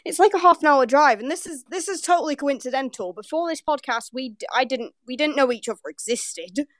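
A woman's voice: high-pitched, a little fast, no room sound. Bubbly northern English young woman. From Northern England. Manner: bubbly, laughing, animated storyteller. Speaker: podcast co-host. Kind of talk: casual chat.

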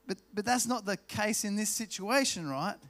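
A man with an Australian accent preaching a sermon, telling stories and slowing down to stress key words. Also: sits high, a bit bright. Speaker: pastor.

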